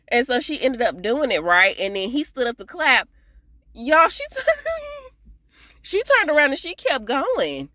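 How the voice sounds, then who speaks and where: A woman recapping a TV episode in a casual, chatty way, animated and often laughing as she talks to her viewers. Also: fairly high pitch, takes it slowly, pauses often, no echo, clean studio sound. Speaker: TV episode reviewer.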